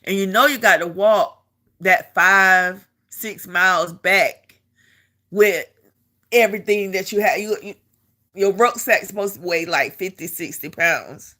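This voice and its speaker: Speaking unhurriedly in a mid-range voice that is bright and tense, a middle-aged woman who served in the army recounts a story from those days. Her telling is casual and lively, with repeated words and phrases and laughter woven in, as if talking to the camera.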